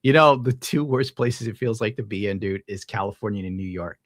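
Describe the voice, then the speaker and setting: A man's voice: fairly low pitch, brisk, no room sound, studio quality. A young man streaming, casually ranting and reading donations, profane and rambling. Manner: profane, rambling, laid-back. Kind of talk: casual rant to viewers.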